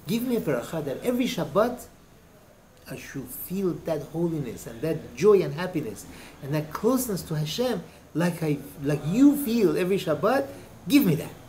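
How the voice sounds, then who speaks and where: A man's voice: a little high, sing-song, normal speed, darkish tone, slight background noise, poor audio. A man voicing a humble working man in a spoken story, anxious and eager as he pleads. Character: humble working man torn over money.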